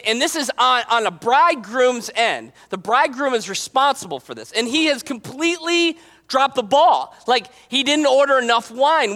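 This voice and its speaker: A man preaching a casual, joking sermon in an animated, conversational way. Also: very high-pitched. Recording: long hall reverb.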